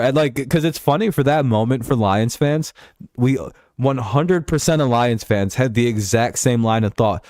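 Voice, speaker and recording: A man's voice: mid-range voice, normal speed, a little mellow, no echo, studio quality. A young man hosting a live stream, chatting casually about football in a rambling, profane way and reading out chat messages.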